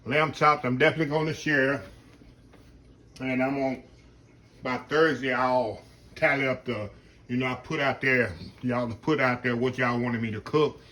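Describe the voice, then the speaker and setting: A bright-voiced man with a drawl chats casually to his viewers between bites, murmuring in approval as he eats. His voice sits at an ordinary pitch and he keeps an easygoing, homey tone. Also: fairly even intonation, normal speed. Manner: chatty, talks with mouth full, murmurs "mm" while eating; Southern phrasing, says "y'all". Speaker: cooking channel host. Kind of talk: casual cooking vlog, eating on camera.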